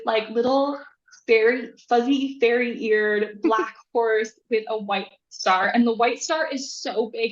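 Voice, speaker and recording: A woman guest on a podcast telling a story in a casual, animated way, acting out the voices she quotes. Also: on the high side. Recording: echoey, dull lo-fi sound.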